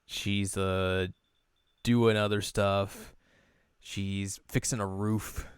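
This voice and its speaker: Man with a smooth, low voice. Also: level tone, very slow, no echo, clean studio sound. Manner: retells scenes, popping into high squeaky voices for the characters. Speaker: anime recap co-host. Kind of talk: casual episode recap chat.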